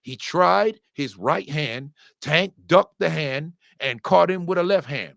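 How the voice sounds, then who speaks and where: A man giving casual, opinionated commentary on boxing, animated, profane and joking, with sudden loud outbursts. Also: on the high side, takes it slowly, creaky, no echo, clean studio sound.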